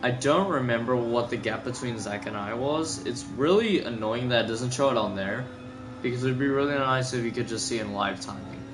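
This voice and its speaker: A drowsy young man talks loosely over his racing footage, full of fillers and quick self-corrections. His voice sits at an ordinary middle pitch, with clear music playing underneath. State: sleepy, yawning. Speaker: gaming video commentator. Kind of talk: casual replay commentary. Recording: gameplay music behind.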